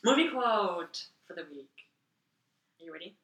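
A young woman co-hosting a podcast in casual chat, with a dry, deadpan, sassy manner. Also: mid-range voice, normal speed. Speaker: podcast co-host. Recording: roomy, distant mic.

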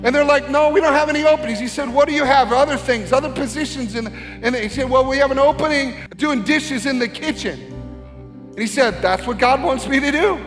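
A middle-aged man preaching a sermon as a pastor, earnest and building to a shouted exhortation. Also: very high voice, brisk. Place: church sanctuary. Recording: long hall reverb with faint music.

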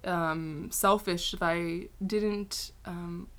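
A woman's voice: on the low side, fairly even intonation, extremely slow. A woman doing an earnest love-preaching pop star.

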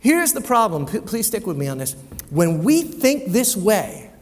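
A man's voice: high-pitched, sing-song, measured pace. A male pastor preaching a conversational sermon in a church, often repeating words as he goes and asking the congregation rhetorical questions. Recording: long hall reverb.

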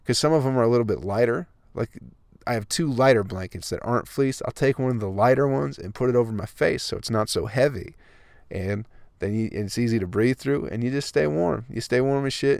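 A man's voice: medium pitch, creaky, darkish tone, no echo. Profane ranting young man, dry close sound. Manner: profane, ranting, laughs at own jokes. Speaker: comedian podcast host. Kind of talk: casual comedic monologue.

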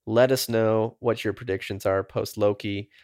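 On the low side and a little mellow, this man's steady voice moves at a normal speed. He's a relaxed co-host on a nerdy podcast, making casual conversation and swearing freely. The audio is clean studio sound with no room sound.

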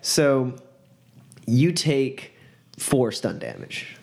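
A man narrating a tabletop game as game master, casual and halting with many fillers. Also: mid-range voice, very animated, gravelly, darkish tone.

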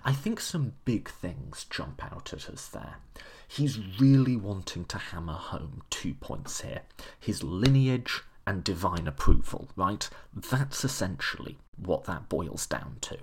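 Low gravelly man explaining history. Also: sing-song, slow pace, darkish tone. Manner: chatty and enthusiastic, with fillers and self-corrections. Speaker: history presenter. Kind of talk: casual lecture-style explanation.

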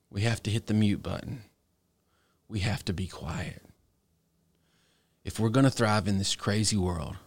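A man preaching as a pastor, earnest and exhorting, slowing down to stress key words. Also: fairly low pitch, dry recording. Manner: earnest, exhorting, with slow deliberate emphasis. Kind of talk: sermon.

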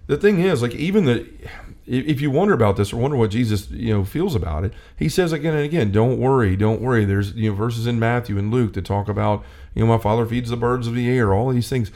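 A man co-hosting a casual faith talk, speaking with animated energy and often acting out quotes. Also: mid-range voice, fast talker. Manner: animated, acts out quotes, many restarts. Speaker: co-host.

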